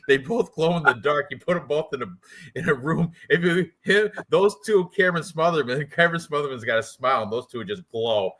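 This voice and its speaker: A man's voice: a little high, fairly bright tone. A man co-hosting a fight picks stream, rambling in casual banter, swearing and laughing often. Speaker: co-host of a fight picks show.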